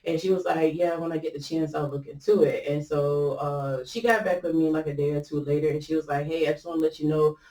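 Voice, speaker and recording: A woman's voice: low-pitched, fairly even intonation, quick pace, hardly any pauses, dark tone. A woman host telling a personal story in a casual, rambling way, with many fillers and restarts as she quotes what others said. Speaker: podcast host. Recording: roomy echo, mic at a distance.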